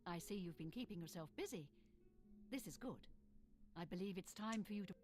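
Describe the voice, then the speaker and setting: An actress playing a measured, formal female guild master who gives orders in a fantasy game. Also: fairly low pitch, lively intonation, a little mellow, soft background music, natural voice.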